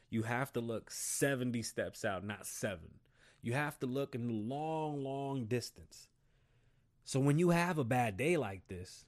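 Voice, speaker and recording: A middle-aged man hosting his own show, giving a casual, blunt motivational talk and swearing freely. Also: fairly high pitch. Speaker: show host.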